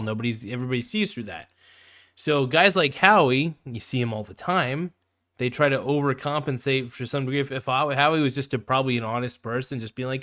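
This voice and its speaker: A man hosting a podcast in casual chat, blunt and animated, swearing freely. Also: medium pitch, no echo, clean studio sound. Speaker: podcast host.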